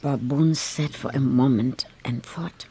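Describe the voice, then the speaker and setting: A woman narrating a children's storybook in a calm, measured way. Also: rumbling low, breathy edge.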